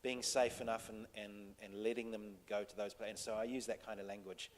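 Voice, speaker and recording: A man's voice: fairly low pitch, steady tone. Hesitant New man in a reverberant hall. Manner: halting, many restarts and fillers, soft-spoken. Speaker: TV director on a panel. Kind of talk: casual anecdote to an audience.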